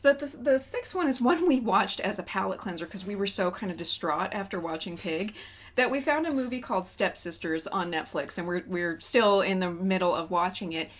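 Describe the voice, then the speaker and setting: A woman co-hosting a podcast, chatting casually about movies in an animated way and laughing often. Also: medium pitch, moderate pace. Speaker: podcast co-host.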